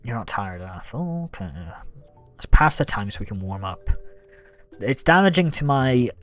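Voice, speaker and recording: A man's voice: medium pitch, normal speed, faint music behind. A young man chatting casually on a gaming livestream, thanking viewers and reacting to the game. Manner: chatty, reads out gift thanks, animated. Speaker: streamer.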